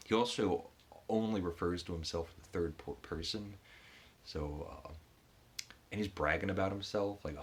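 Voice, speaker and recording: A man giving a casual book review, retelling the story in a halting way with frequent restarts. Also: low voice, breathy edge.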